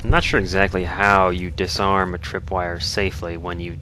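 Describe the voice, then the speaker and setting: A man's voice: deep voice, flat delivery, normal speed, background noise. A man hosting a let's play, giving easygoing, rambling gameplay commentary. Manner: easygoing, rambling, self-correcting.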